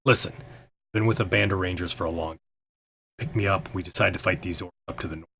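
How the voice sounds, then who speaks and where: A man's voice: sits low, steady tone, quick pace, vocal fry, fairly bright tone, a little hiss or hum, pitched below the performer's own voice. A man voicing a blunt, wary ranger who has changed his ways, talking pushily and defensively. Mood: earnest.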